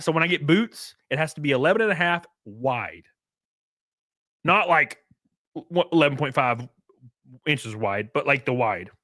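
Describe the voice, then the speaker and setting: A man's voice: a little high, bright, forceful tone, no room sound, clean studio sound. A young man casually chatting on a livestream, reading chat aloud with crude, rambling jokes.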